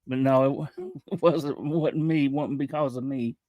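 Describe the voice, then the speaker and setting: A man casually chatting to viewers on a livestream, halting and loose in how he talks. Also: mid-range voice, fairly even intonation, no echo, dull audio.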